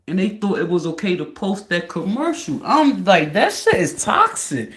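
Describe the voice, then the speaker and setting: A woman livestreamer ranting loudly and profanely on a live stream. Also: mid-range voice, normal speed. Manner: loud, profane, animated ranting.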